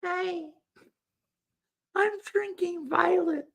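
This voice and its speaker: A man's voice: extremely high pitch, steady tone, extremely slow, vocal fry, pushed and bright, voice pushed up, full character voice. A man voicing a giggly sixteen-year-old Valley girl with squealing, ditzy exclamations.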